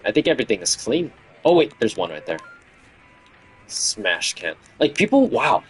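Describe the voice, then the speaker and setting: A man's voice: lowish voice, sing-song, normal speed, husky, soft background music. Chatty male streamer, tired voice. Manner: chatty, laughs often, hums along. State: voice fatigue. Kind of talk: casual gameplay commentary.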